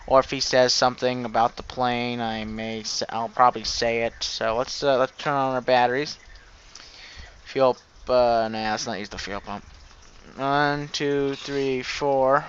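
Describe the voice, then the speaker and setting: A man with a mid-range, slightly bright voice speaks a little slowly with fairly even intonation over lo-fi audio. He hosts casual flight sim gameplay commentary, rambling and restarting sentences, with the game's aircraft engine noise running beneath his voice.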